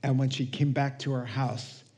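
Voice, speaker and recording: A man preaching a sermon as pastor, slow and conversational, chuckling between points. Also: medium pitch, level tone, mellow.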